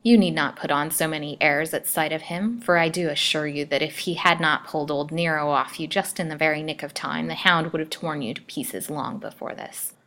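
A woman's voice: deep voice, a little fast, few pauses, a bit bright. A woman doing a grim old witch keeper. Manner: curt and menacing.

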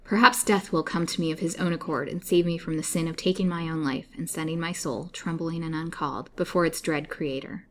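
Woman doing a young captive girl, bitter, pleading, low voice. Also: fairly even intonation, brisk, hardly any pauses, slight background noise, natural voice. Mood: bitter, despairing.

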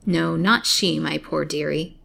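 A woman's voice: deep voice, a little slow, gravelly, fairly bright tone, a little hiss or hum, full character voice. A woman voicing a treacherous old woman servant who lies glibly and soothes falsely, in a storybook reading. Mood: coaxing.

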